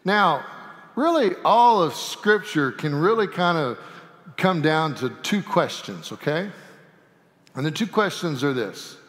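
Folksy pastor in a reverberant sanctuary. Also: male voice, a little high, slow pace. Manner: folksy and animated, with humorous asides. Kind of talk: sermon. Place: church sanctuary.

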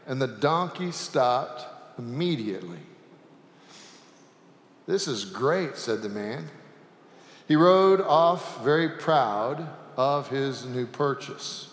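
A male pastor preaching a sermon in a church sanctuary, telling a folksy joke-filled story. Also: mid-range voice. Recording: echoey sanctuary with long reverb.

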